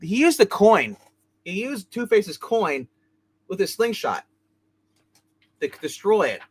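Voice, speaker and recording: Guy rambling thru a comic recap, lots of uh and you know, tossing in quick character voices, dry close sound. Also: high voice, sing-song, breathy edge, no room sound. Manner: rambling, filler-heavy, acts out character lines in quick voices. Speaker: comic book reviewer.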